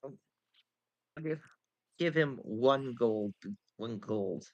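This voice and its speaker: A man's voice: medium pitch, lively intonation, slow pace, highs cut off. A man playing in a tabletop game, speaking casually and a bit hesitantly, with many fillers. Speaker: player. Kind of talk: casual table chat in character.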